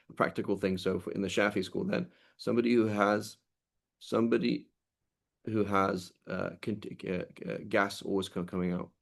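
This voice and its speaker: A man teaching a classical legal text in a conversational way, reading passages aloud quickly and then explaining them with many restarts. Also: low voice, creaky.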